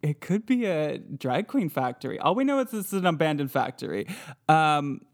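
A playful man with a slightly high voice hosts a casual podcast chat. He jokes freely, sets up each bit briskly and laughs easily along the way. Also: a little hiss or hum. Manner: playful, animated, quick to joke and laugh. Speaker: podcast host.

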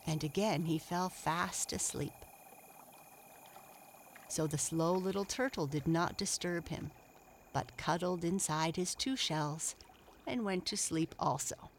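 A woman narrating a children's storybook in a gentle, measured reading. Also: on the low side, slight background noise.

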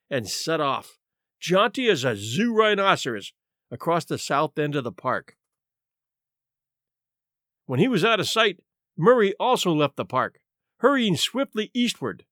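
A man narrating a story aloud in an expressive, theatrical manner. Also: high-pitched, no echo, clean studio sound.

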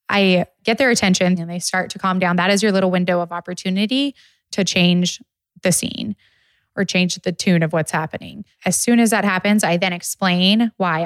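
A woman talking casually on a parenting chat, telling stories with an easy laugh. Her voice sits at a middle pitch, recorded dry and close. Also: steady tone, moderate pace, dry recording. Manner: laughs often, tells stories animatedly.

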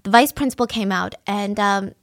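A woman's voice: medium pitch, normal speed, no room sound, studio quality. A woman hosting a show, retelling a true-crime case in a casual, indignant way with plenty of fillers.

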